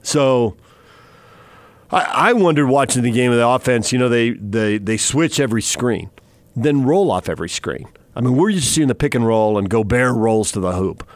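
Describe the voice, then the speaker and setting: A man's voice: medium pitch, animated, moderate pace, dry recording. A man hosting a sports radio show, chatting and teasing his co-host, then reading the news update in a studio. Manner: chatty, teasing, laughs often.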